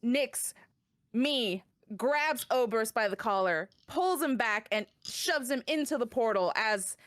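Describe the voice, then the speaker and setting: A woman narrating an improvised fantasy story, animated and excitable and often tripping over her words. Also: on the high side, dry recording, clean studio sound.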